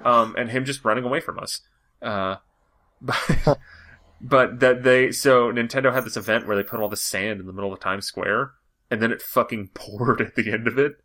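A man's voice: mid-range voice, pushed and bright. A man hosting a podcast in casual chat, rambling along with many "like" fillers. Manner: rambling, fast, full of "like" fillers. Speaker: podcast host.

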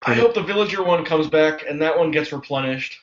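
A man's voice: a little high, animated, a little fast, echoey room. A man co-hosting a casual gaming chat, laid-back and wry. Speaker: podcast co-host. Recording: dull lo-fi audio.

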